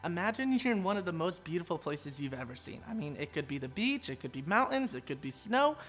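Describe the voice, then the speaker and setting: A woman's voice: on the low side, big pitch swings, a little fast, faint music behind. A woman giving an online children's church sermon, telling the story animatedly and talking straight to the kids. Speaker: children's pastor.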